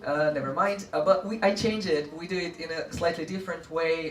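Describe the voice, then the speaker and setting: A man's voice: fairly high pitch, fairly even intonation, brisk, fairly bright tone, a little hiss or hum. A man with a Russian accent, a teacher trainer giving a playful live workshop talk and demonstrating classroom chants. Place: training room with live audience. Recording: echoey room, mic from far off. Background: crowd of trainees.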